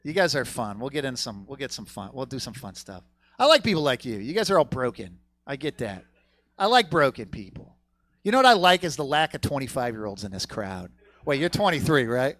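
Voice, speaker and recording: A man's voice: mid-range voice, very animated, brisk, fairly bright tone. A man doing a stand-up comedy set on a theater stage, telling a rambling, crude story and working the crowd.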